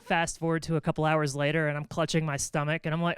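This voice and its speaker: A woman's voice: low-pitched, flat delivery, quick pace, hardly any pauses, clean tone, no room sound. A woman comedian performing a stand-up set, telling stories casually with frequent filler words. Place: stage at a comedy venue.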